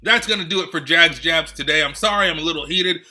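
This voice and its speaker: A man's voice: a little high, fast talker, pushed and bright, faint music behind. A man hosting a wrestling rant segment, sarcastic and frustrated, firing off rhetorical questions at the viewers. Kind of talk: heated rant to camera.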